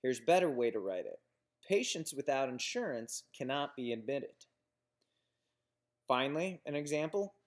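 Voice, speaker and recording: A man's voice: medium pitch, very animated, normal speed, pauses often. A male instructor giving a recorded lecture on business writing. He explains examples plainly, with restarts and fillers.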